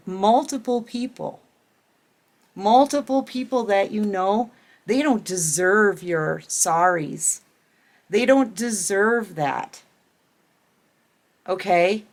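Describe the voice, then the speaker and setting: Middle-aged woman, tarot reader, unhurried and emphatic, addresses the viewer directly. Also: mid-range voice. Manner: emphatic, repetitive, talks straight to the viewer. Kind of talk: casual tarot reading monologue.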